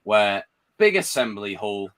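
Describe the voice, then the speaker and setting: A man's voice: lowish voice, sing-song, a little slow, a bit bright. A young man co-hosting a casual group chat, teasing the others and laughing a lot. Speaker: podcast co-host.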